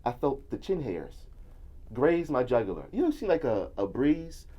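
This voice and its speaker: Animated crude-talking man telling stories. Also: medium pitch, moderate pace, lo-fi sound. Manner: animated, crude, bursts into shouting and laughter. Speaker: comedian guest. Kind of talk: storytelling in casual chat.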